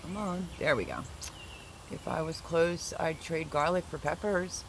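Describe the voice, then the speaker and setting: A man's voice: on the high side, unhurried. A man hosting a casual livestream from his backyard garden, chatting in a rambling way and answering viewer comments. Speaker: livestream host, home gardener. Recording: noisy outdoor ambience.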